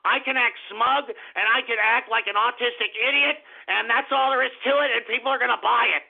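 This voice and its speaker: A smug, pompous young male pundit lectures at a rapid clip, as a man mocks him. The voice sits high with a gravelly edge. It all comes through a thin, phone-like radio line. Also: fairly even intonation, exaggerated voice.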